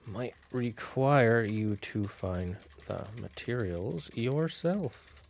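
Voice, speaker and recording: A man thinking aloud on a casual solo stream, building out a fantasy town with halting, restarting speech. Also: mid-range voice, lively intonation, vocal fry, a little hiss or hum.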